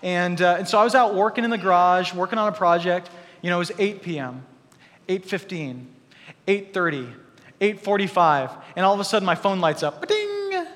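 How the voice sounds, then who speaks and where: A man in his thirties preaching a sermon to a congregation, animated, with joking asides to the crowd. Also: high-pitched, fairly quick, big-room sound. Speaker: pastor. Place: church hall.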